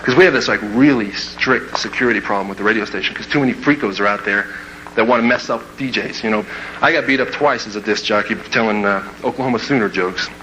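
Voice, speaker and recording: A man from Kansas giving a motivational speech, telling a story to a live audience in an animated way and acting out scenes with sound effects and quoted voices. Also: lowish voice, fast talker, noisy background. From Kansas, USA. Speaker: motivational speaker.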